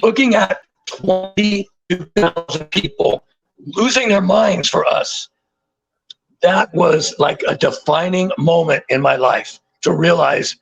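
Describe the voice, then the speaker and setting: A man in his sixties, a guest telling stories in a casual interview, animated and repeating words for emphasis. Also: sits high, creaky, breathy edge, poor audio. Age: 60s.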